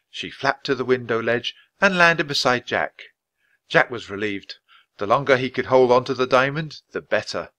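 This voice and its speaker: A man reading a children's book aloud in an expressive, clear, measured way. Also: medium pitch. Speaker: storybook reader.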